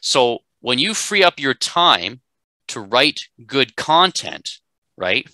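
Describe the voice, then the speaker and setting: A man's voice: medium pitch, sing-song, takes it slowly, bright, forceful tone, no room sound, low-quality recording. A man teaching a live class, emphatic and conversational, often checking in with "right?". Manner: emphatic, keeps asking "right?". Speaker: instructor.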